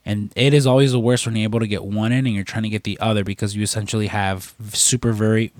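A man's voice: lowish voice, steady tone, quick pace, a little mellow, no echo. A man co-hosting a podcast, telling a rambling story in casual chat and swearing freely. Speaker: podcast co-host.

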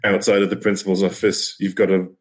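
A man's voice: deep voice, level tone, quick pace, husky. A man playing a tabletop game, making wry joking asides. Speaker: player.

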